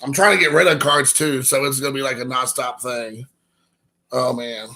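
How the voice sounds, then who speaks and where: A man's voice: medium pitch, fairly even intonation, moderate pace, sharp tone. A man, hosting a rambling, joking live stream and chatting with viewers. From Kentucky. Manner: rambling, joking, reading chat aloud.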